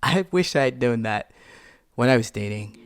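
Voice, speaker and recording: Male podcast host, animated storyteller, lively mid-pitched delivery. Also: normal speed. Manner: animated, reenacts scenes with voiced quotes. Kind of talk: personal storytelling monologue.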